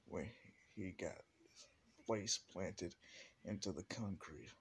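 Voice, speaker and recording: A man's voice: deep voice, lively intonation, slow, long pauses, slight background noise. A man casually narrating an improvised fan story in a loose, rambling way.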